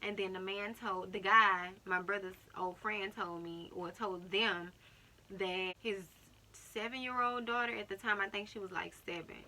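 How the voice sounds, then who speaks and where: A woman's voice: mid-range voice, moderate pace. A young woman telling a personal story in a casual vlog, acting out what other people said. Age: young adult. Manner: animated retelling, acting out other people's words. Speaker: vlogger.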